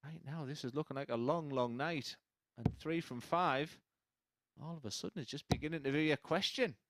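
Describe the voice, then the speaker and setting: A man's voice: fairly high pitch, normal speed, fairly bright tone. A man giving live darts commentary, chatty and opinionated, teasing his co-commentator from the commentary box.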